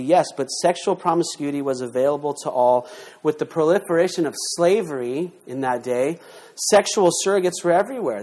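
A man in middle age delivers a sermon with a slightly higher-pitched voice. He is emphatic, pushing rhetorical questions at the congregation and swinging between loud punches and quiet asides. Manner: emphatic, rhetorical questions, lively shifts in loudness. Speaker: pastor.

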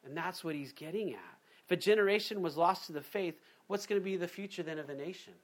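A man preaching a sermon in a conversational, animated way, acting out little quotes as he goes. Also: sits high, fast talker. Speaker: pastor.

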